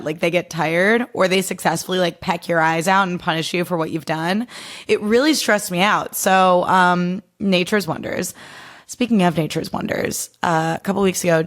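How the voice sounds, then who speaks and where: A woman hosting her podcast in a casual pop culture chat, animated, profane and full of "like" and "okay?". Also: fairly low pitch. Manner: animated storyteller. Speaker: podcast host.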